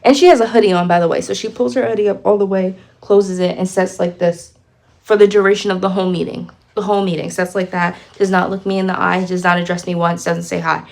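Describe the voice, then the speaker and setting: A woman's voice: fairly low pitch, steady tone, fast talker, gravelly, a little mellow, poor audio. A young woman telling a story on her vlog, chatty and exasperated, full of "like" and "you know.". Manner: chatty, filler-heavy retelling with lots of "like". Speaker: vlogger.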